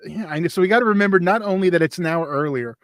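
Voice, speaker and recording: Co-host, male, slightly high-pitched, blunt, swears a lot, bossy about the running order; dry mic. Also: racing, dry recording. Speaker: podcast co-host. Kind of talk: casual chat.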